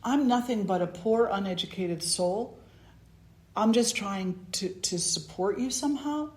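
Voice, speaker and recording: A woman voicing a humble, elderly beggar man who speaks softly and pleads gently, in an echoey room. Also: mid-range voice, measured pace, close to an everyday voice. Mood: pleading. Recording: roomy echo.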